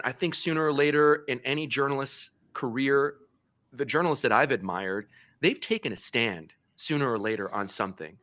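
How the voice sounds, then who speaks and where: A man guesting on a talk show as an independent journalist, speaking earnestly and growing emotional as he talks. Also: bright, forceful tone. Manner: earnest, grows impassioned and tearful, pitch rising. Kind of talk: emotional conversation.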